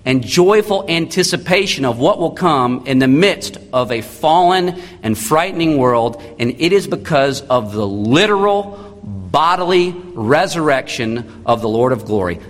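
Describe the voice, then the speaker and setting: A male pastor in his thirties preaching, his mid-range voice carried by a long hall reverb. He swings from loud emphatic lines to hushed, intimate ones. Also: mid-range voice. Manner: animated, shifting between loud emphasis and quiet intimate tones. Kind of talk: sermon.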